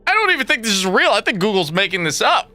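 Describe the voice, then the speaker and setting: A man's voice: sits high, big pitch swings, quick pace, pushed and bright, no echo, faint music behind. A young man streaming a game, chatting casually with viewers in a rambling, profane way that keeps breaking into laughter. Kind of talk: casual livestream chat.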